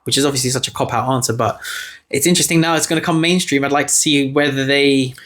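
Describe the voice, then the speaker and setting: A man co-hosting a podcast, telling a story in animated casual chat and acting out the people he quotes. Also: mid-range voice, fast talker. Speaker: podcast co-host.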